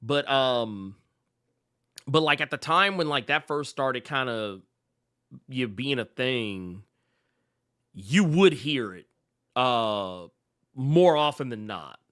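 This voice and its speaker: Bright-voiced laid-back man chatting. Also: medium pitch, expressive, takes it slowly, long pauses, clean tone. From Memphis. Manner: laid-back, swearing, self-correcting. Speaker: podcast co-host. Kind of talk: casual podcast chat.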